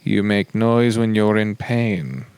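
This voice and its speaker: A man voicing a wary male fox who gives low, hushed warnings in a visual novel game. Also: lively intonation, slow pace, smooth, no room sound. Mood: calm warning. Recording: music playing behind.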